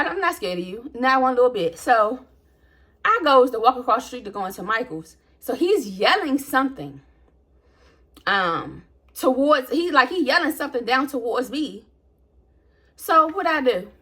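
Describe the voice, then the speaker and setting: A woman vlogger telling a story in a casual rant, exasperated and animated, acting out what she said while she preps food. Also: high-pitched. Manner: animated, exasperated retelling with acted-out quotes; talks while prepping food.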